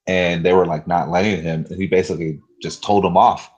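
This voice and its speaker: Deep husky man, filler-heavy talk. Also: fairly even intonation, fairly quick, a little mellow, muffled recording. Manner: loose, filler-heavy retelling with lots of "like". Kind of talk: casual chat.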